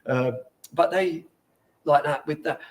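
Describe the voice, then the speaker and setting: Rambling ex-footballer telling bar stories. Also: male voice, on the high side, takes it slowly. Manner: rambling, swearing, laughs through stories. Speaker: former footballer, guest. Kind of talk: casual storytelling interview.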